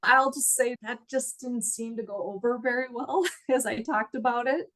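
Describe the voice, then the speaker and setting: A woman's voice: fairly high pitch, moderate pace, a bit bright, slight background noise, poor audio. Middle-aged woman, interview guest, earnest, emotional, reflective storytelling. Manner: earnest, reflective, laughs at times.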